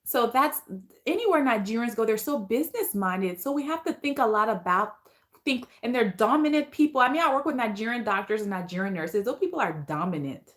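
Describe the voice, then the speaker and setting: A woman's voice: on the high side, expressive, fairly quick. A woman with a Liberian accent chatting casually on a livestream, reading viewer comments aloud and responding to them. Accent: Liberian English.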